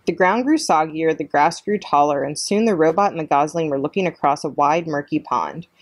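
A woman librarian reading a children's chapter book aloud as a calm bedtime story. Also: low-pitched, fairly quick, dry recording.

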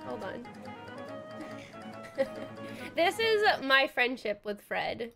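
A woman's voice: on the high side, very animated, drawn-out words, creaky, a bit bright. A young woman streaming a game and chatting casually with her viewers, bubbly and giggly, with lots of "like" fillers. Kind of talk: casual chat while livestreaming a game. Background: faint game music.

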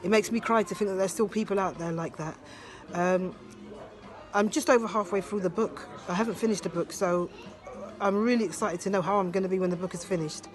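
A woman in her fifties recording a personal video diary on her handheld phone, talking in a heartfelt, halting way with many fillers. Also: mid-range voice, soft background music. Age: 50s. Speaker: video diarist. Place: ski resort and restaurant abroad.

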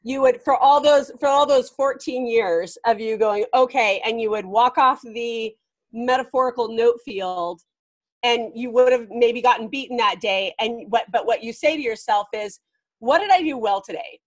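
Woman, life coach guest; fairly high pitch, energetic and emphatic delivery. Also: moderate pace. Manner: animated and emphatic, laughing often. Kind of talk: casual podcast interview.

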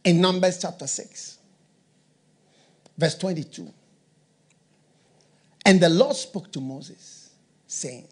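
A man's voice: fairly high pitch, slow pace, pauses often, breathy edge. A male bishop preaching a sermon, emphatic, repeating key phrases and often laughing.

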